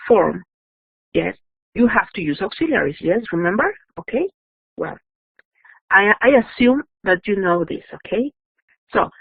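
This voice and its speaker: A woman teaching English in a recorded online lesson, her plain in every phrase. She explains slowly and patiently, checking in with quick questions. The sound is dry and thin, like a voice over a phone line. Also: medium pitch, gravelly, no room sound. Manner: patient, repeats checks like "yes?" and "okay?".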